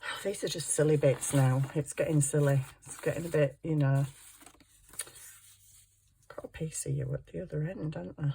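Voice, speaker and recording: Older female vlogger, low pitch, rambling and giggly while she crafts; light background hiss. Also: steady tone, moderate pace, vocal fry, long pauses, warm tone. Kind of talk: casual chat while crafting.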